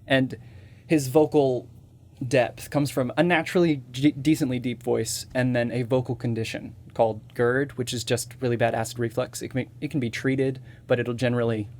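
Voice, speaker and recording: A man's voice: mid-range voice, level tone, normal speed, a little mellow, slight background noise. A man with a slightly nasal voice, a voice actor and impressionist guest explaining his techniques step by step in casual interview chat.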